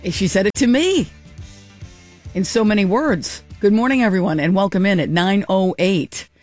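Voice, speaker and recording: A woman hosting a morning talk radio show, chatting in an animated way and acting out little dialogues. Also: medium pitch, moderate pace, soft background music. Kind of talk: casual talk radio commentary. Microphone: studio microphone.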